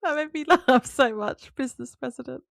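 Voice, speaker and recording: A woman's voice: high-pitched, fairly quick, gravelly, dry recording, studio quality. A woman co-hosting a podcast, talking casually with frequent laughter and hesitant restarts. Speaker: podcast co-host. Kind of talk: casual recap chat.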